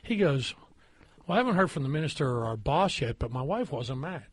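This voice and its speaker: Podcast host, man, slightly higher voice, husky tone, crude laughing storyteller. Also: big pitch swings, a little fast, no echo. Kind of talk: casual storytelling chat.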